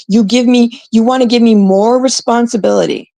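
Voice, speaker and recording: A woman's voice: mid-range voice, steady tone, moderate pace, gravelly, mellow, dry recording. A blunt woman from Canada, talking casually to her live-stream chat in an exasperated way, swearing freely and quoting people mockingly. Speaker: livestream host.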